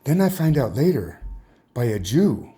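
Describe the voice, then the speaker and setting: A man telling a personal religious testimony in a rambling, halting way, full of restarts and trailing asides. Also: mid-range voice, very animated, mellow, slightly rough. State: tired, emotionally drained. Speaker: religious teacher.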